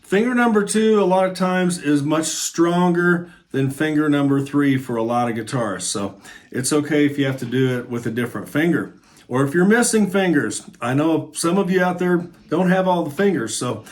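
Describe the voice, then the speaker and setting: A man's voice: a little high, animated, normal speed. A middle-aged man giving a casual guitar lesson, talking in a friendly, encouraging way and thinking aloud as he shows the moves. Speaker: guitar teacher. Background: guitar playing.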